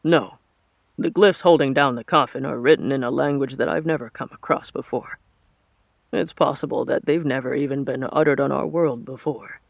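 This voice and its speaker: A man voicing a grim, paranoid male sorcerer who explains things in a measured, teacherly way. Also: mid-range voice, gravelly, no echo.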